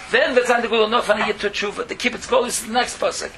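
A man's voice: very high-pitched, fast talker, hardly any pauses, slight background noise. A man telling a religious story in a Torah talk, repeating phrases for emphasis. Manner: animated, repeating phrases, mixing languages.

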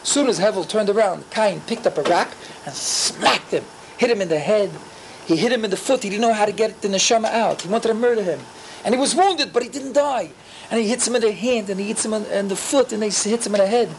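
Animated man teaching Torah. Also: brisk, slight background noise. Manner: animated, rhetorical questions, leaps in pitch. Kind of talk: storytelling Torah class.

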